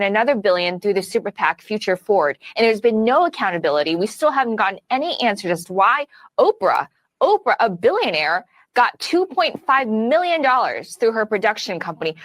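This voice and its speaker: A woman's voice: on the high side, fairly bright tone, no room sound. A woman who was a campaign fundraiser, speaking indignantly and emphatically as an interview guest. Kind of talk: interview commentary.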